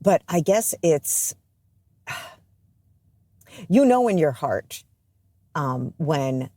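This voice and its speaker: A woman's voice: low-pitched, warm tone, no room sound. A woman from the East Coast, a radio host appearing as a guest, speaking reflectively and earnestly in a candid interview. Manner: reflective, earnest, self-deprecating.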